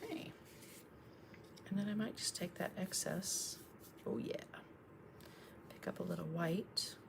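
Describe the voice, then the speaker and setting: Low-voiced chatty woman painter. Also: a little slow, creaky, noisy background. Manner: chatty, encouraging, talks while painting. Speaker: painting instructor on a livestream. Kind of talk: casual painting demonstration.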